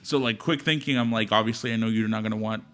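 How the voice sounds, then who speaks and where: A young man co-hosting a podcast, recounting a story in easy conversation. His voice is bright and forward. He tends to act out quotes, leaping up in pitch for them. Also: fast talker. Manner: animated retelling, acts out quotes with big pitch jumps. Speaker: podcast co-host, new father. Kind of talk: casual storytelling chat. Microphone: podcast microphone.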